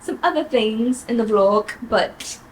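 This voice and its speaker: Young woman, casual vlog chat, animated, laughs often, soft room ambience. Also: slow pace, a little hiss or hum, low-quality recording. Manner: leaps high when quoting people. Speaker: vlogger.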